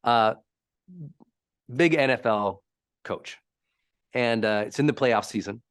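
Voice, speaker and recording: A man giving a live teaching talk as a high-performance coach, telling stories in an emphatic, animated way. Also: takes it slowly, clean tone.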